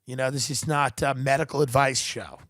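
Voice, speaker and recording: A man's voice: medium pitch, steady tone, fairly quick, fairly bright tone, dry recording, clean studio sound. A man hosting a comedy podcast, riffing in a profane, sarcastic, rambling monologue.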